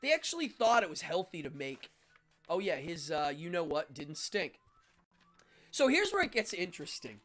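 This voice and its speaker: A man hosting a casual livestream, rambling and excitable, laughing often and reacting out loud to chat messages. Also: on the high side, normal speed. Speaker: host.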